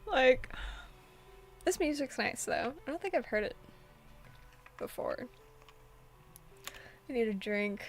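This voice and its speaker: A woman's voice: high-pitched, expressive, slow, pauses often, faint music behind. A young woman streaming a visual novel, reacting in an exasperated way with frequent sighs and fillers. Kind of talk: casual gameplay commentary.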